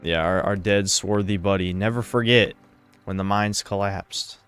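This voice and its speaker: A man's voice: low-pitched, steady tone, moderate pace, a bit bright, smooth, soft background music. A young man streaming a game, rambling with crude, opinionated commentary. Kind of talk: casual gameplay commentary.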